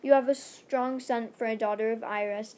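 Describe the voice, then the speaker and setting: A young woman voicing a dry, sarcastic teenage boy who mutters deadpan remarks. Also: a little high, normal speed, natural voice.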